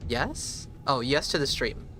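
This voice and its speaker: A man streaming a game live, thinking aloud in a slow, halting way and sometimes spelling words out letter by letter. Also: medium pitch, animated, bright, forceful tone, faint music behind. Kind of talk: casual live gameplay commentary.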